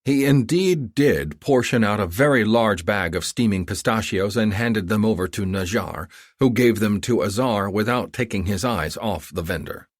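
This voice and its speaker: A man reading a thriller audiobook aloud in an expressive narration. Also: lowish voice, normal speed, hardly any pauses, no room sound, studio quality. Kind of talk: scripted narration.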